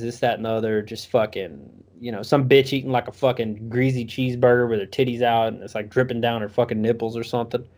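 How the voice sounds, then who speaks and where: A man's voice: medium pitch, darkish tone. A young man telling a rambling, profanity-laden story in a casual drawl.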